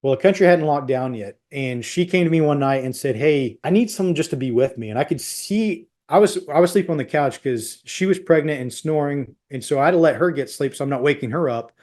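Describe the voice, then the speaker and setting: A man's voice: fairly high pitch, animated, brisk, hardly any pauses, a little mellow. A man in his thirties, a guest on a podcast, intensely telling a personal story and acting out what others said. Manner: intense, quotes others in their voices while retelling.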